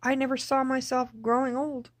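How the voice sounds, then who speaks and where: A woman recording a personal video diary, speaking in a subdued, tearful, halting way and repeating herself. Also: sits high, level tone, no echo, studio quality. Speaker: vlogger.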